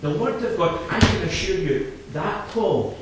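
A man with a fairly high voice preaching a sermon, dropping low and quiet before rising to loud, impassioned repeated phrases. He sounds far from the microphone in a very echoey hall, with faint noise behind him. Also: animated, unhurried.

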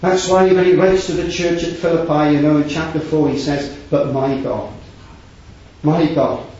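A man preaches an earnest sermon in a fairly high voice, rising to loud, raised passages and dropping to hushed ones. He quotes scripture in old wording. The recording is distant, dull and lo-fi, with heavy echo from the hall. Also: little pitch movement, moderate pace. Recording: echoey hall, distant mic, dull lo-fi sound.

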